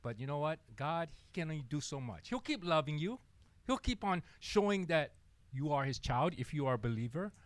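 A young pastor preaches a sermon, telling a story animatedly and acting out the people in it. His voice is a little high and fairly quick, with no echo.

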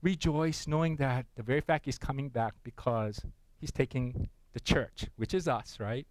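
A man's voice: medium pitch, moderate pace, darkish tone, dry recording, rough recording. A man preaching a sermon in a conversational way. He often checks in with the congregation and laughs at his own stories. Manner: tells a joke with acted voices. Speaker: pastor.

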